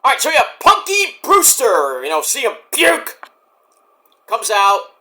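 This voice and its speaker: A man recapping a wrestling show in a casual, rambling vlog, cracking crude jokes and doing quick impressions. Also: very high voice, wildly swooping pitch, pushed and bright.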